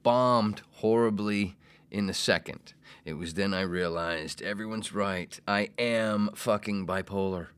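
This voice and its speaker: A man in his forties hosting a solo comedy podcast, brash and self-mocking, swearing freely and swinging between loud bursts and whispers. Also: on the low side, unhurried, smooth. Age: 40s. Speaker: podcast host.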